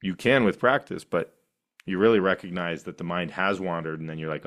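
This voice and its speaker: A middle-aged man teaching a meditation class, animated and laughing often, with playful asides. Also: low voice, a little fast.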